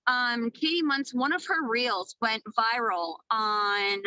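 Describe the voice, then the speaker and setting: A woman from Minnesota gives an upbeat, casual pep talk to her sales team, swearing now and then. Her voice sits a little high and comes across bright and forceful. The recording is dry and close, with no room echo. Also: slow, highs cut off. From Minnesota, USA. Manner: energetic, casual, swears freely. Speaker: network marketing team leader. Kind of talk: motivational training talk.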